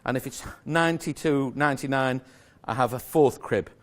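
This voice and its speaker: A man's voice: medium pitch, normal speed. A man giving a live magic lecture to an audience, explaining step by step in a chatty, self-correcting way with small jokes.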